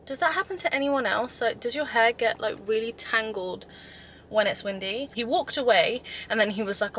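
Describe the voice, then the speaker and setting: Woman, chatty vlog storyteller, bright and forceful tone. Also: fairly high pitch, moderate pace. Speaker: vlogger.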